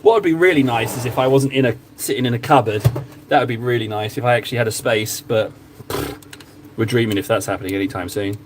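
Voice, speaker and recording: A man's voice: medium pitch, fast, background noise. A young man chatting casually while painting miniatures, rambling and laughing at himself, in a small cupboard room.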